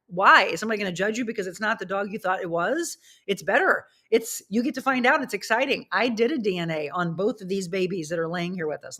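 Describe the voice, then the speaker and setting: A woman's voice: mid-range voice, lively intonation, brisk, fairly bright tone. A middle-aged woman hosting a casual chat with viewers, rambling chattily and stopping to talk to her dogs. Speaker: livestream host.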